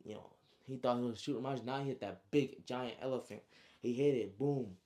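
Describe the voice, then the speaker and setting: Casual guy recapping his own book, slangy, lots of asides, warm voice. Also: medium pitch, fast. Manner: slangy, animated retelling with asides.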